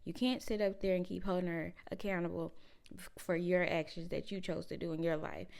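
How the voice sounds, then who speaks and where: A woman's voice: fairly low pitch, brisk, creaky. A woman casually recapping a reality show and giving her blunt, opinionated, slangy take on it. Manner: opinionated, animated, informal slang.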